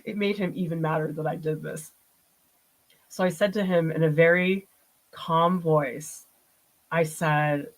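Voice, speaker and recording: In a low-quality recording, a deep-voiced woman speaks unhurriedly with frequent pauses. She's a middle-aged art professor doing a live-stream painting demo, chatting with viewers and telling stories with laughs.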